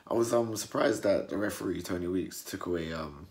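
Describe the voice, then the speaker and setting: A young man from England talks through a fight he just watched in a casual monologue. His voice sits very low with a gravelly fry, and now and then he jumps into mocking impressions of the fighters. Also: a little fast. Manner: animated, acts out fighters' words in mocking high voices. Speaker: boxing commentator.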